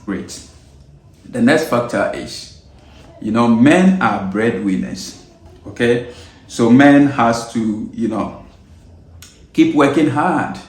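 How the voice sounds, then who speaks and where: Male host, mid-pitched voice, slow emphatic advice talk, roomy echoey sound. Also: animated. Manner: repeats "all right?" and "okay?" after points. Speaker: video host giving advice.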